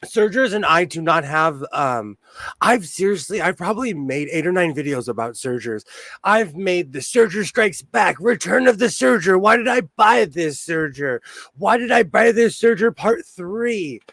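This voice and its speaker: A man's voice: sits high, expressive, unhurried, creaky, a bit bright, no echo. A man hosting a sewing livestream in casual chat, jokey and laughing often as he greets viewers.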